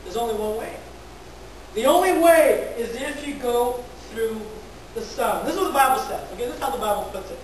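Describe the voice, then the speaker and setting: A woman's voice: fairly high pitch, animated, brisk, darkish tone, slight background noise. Woman preaching in an echoey church. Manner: repeats words, asks the congregation questions. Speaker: pastor. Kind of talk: conversational sermon. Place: large echoey church hall. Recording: very echoey church hall from far off.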